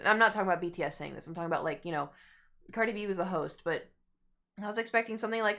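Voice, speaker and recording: A woman's voice: mid-range voice, quick pace. A young adult woman streamer casually telling a long story to her chat, rambling and acting out what people said. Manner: rambling, animated, acts out quotes.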